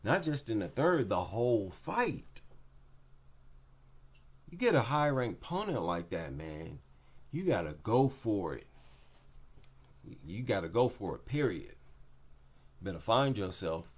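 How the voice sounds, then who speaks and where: A man's voice: lowish voice, sing-song, unhurried, pauses often, husky. A man giving a casual, opinionated breakdown of MMA fights, repeating his points for emphasis. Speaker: MMA commentator.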